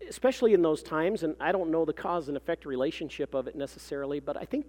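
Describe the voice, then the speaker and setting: Male pastor, sermon delivery, earnest and reflective, fairly high voice, long hall reverb. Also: quick pace, a little mellow.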